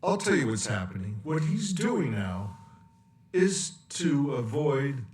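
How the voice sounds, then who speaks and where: Unhurried male commentator, sarcastic and rambling, recorded in an echoey room. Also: mid-range voice, big pitch swings, a little mellow, far from the mic. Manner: rambling, sarcastic, with long pauses. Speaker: political commentator. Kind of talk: political rant vlog. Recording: echoey room, away from mic.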